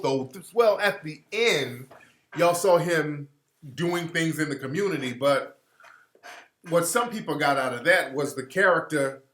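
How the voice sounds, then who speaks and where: Blunt, profane radio host, bright echoey voice. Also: male voice, fairly high pitch. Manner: blunt, profane and animated, mimics others in quoted voices. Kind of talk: opinionated radio commentary.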